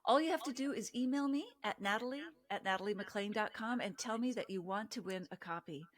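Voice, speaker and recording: A woman's voice: mid-range voice, fast, no room sound. A middle-aged woman hosting a wine podcast, introducing her guest and chatting with enthusiasm and frequent laughs. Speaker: podcast host. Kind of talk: interview host intro and chat.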